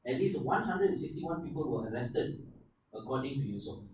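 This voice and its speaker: A man with a Malaysian English accent, co-hosting a podcast and retelling a historical event in a casual, animated way. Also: mid-range voice, a little fast, heavy reverb, recorded from a distance, a little hiss or hum, low-quality recording. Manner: animated storyteller, slips into silly voices. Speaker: podcast co-host.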